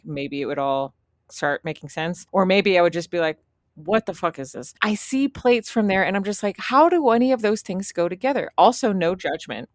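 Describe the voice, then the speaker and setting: A woman's voice: low-pitched, dry recording, clean studio sound. A young American woman co-hosting a podcast, chatting casually with lots of laughter and rambling stories. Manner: giggly, rambling storyteller. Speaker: podcast co-host. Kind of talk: casual chat.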